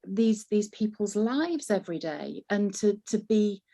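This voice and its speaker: A woman with a Manchester accent talks in a relaxed interview. Her voice sits in a middle register, and she speaks with animated, good-humoured energy, breaking into laughter often. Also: mid-range voice, a little slow, gravelly. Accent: Northern English, Manchester. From north of England. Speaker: voiceover artist, guest. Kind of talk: casual interview chat.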